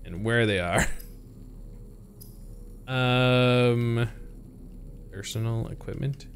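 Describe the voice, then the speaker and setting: Slow-talking playful young man streaming. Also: medium pitch, soft background music. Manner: chatty, playful, talks to viewers and to game creatures. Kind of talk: casual gameplay commentary.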